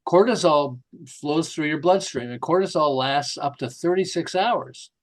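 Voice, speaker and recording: A middle-aged man, a marketing author, telling lively stories in an interview and acting out the quotes. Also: on the high side, measured pace. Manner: lively, jokey, acts out quotes with laughs. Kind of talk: animated storytelling interview.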